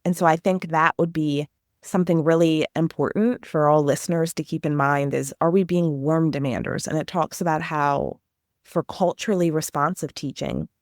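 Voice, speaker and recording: A woman with a lowish voice answers interview questions in an earnest, animated way. She talks things through at length and acts out little bits of classroom dialogue. The sound is dry and close. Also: no echo. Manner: enthusiastic, earnest, animated explaining with acted-out teacher questions. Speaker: education consultant guest.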